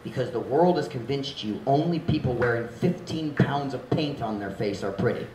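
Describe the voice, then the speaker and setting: A male pastor preaching a sermon, mixing in Visayan phrases, swinging between loud, forceful shouts and hushed, earnest passages. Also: medium pitch, lively intonation, normal speed, slight background noise. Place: church hall. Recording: echoey hall, mic at a distance.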